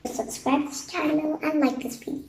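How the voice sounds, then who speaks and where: A woman reading a children's picture book aloud in a slow, deliberate manner. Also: sits high, fairly even intonation, a little mellow, echoey room. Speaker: storybook reader.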